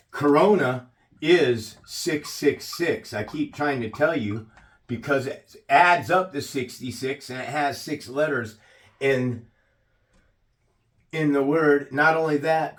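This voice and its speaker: A man in the middle of a heated, profane monologue, his voice at an ordinary middle pitch. He stumbles, repeats himself and restarts his sentences. When he quotes people he jumps up loud and high. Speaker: channel host telling a personal story. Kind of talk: angry ranting monologue.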